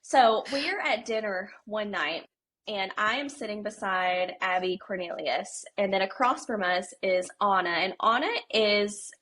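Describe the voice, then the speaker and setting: A woman co-hosting a podcast, telling a story in a lively, chatty way and calling her listeners y'all. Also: medium pitch, unhurried. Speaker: podcast co-host. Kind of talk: casual storytelling chat.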